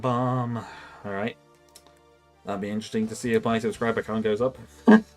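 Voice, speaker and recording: A young man chatting casually on a livestream, rambling and self-mocking, laughing often. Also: mid-range voice. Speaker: streamer.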